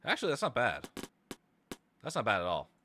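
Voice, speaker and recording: A man on a casual live stream, talking to himself and his chat while he builds a track. His voice is bright and bouncy, jumping around a lot in pitch, with halting restarts that break into excited bursts. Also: soft background music. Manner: thinks aloud, hesitant restarts, sudden excited outbursts. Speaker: streamer making music.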